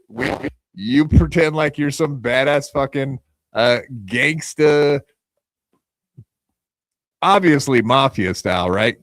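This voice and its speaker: Profane ranting podcast host, dry close sound. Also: male voice, medium pitch, dry recording. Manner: profane, taunting rant delivery. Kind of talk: casual live podcast talk.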